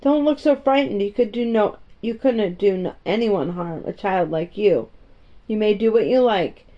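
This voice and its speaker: A woman voicing a weary, melancholy gentleman guardian who speaks in a distracted, absent-minded way. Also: mid-range voice, moderate pace, natural voice. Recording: dull, muffled audio.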